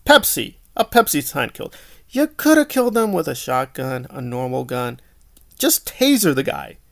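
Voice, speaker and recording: A man's voice: mid-range voice, very animated, moderate pace, creaky. A man giving a casual, opinionated film review, exasperated and sarcastic, full of rhetorical questions.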